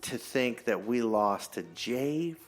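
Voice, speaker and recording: A man co-hosting a casual podcast, teasing his co-host and telling stories with animated jokes. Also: mid-range voice, slow pace. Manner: joking, teasing, animated storyteller. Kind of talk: casual chat.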